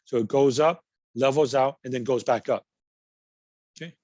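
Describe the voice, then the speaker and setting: A man's voice: medium pitch, normal speed, a little mellow, no room sound, dull audio. A man teaching a college math class, patiently working through examples and repeating key words. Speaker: math instructor. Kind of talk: recorded class lecture.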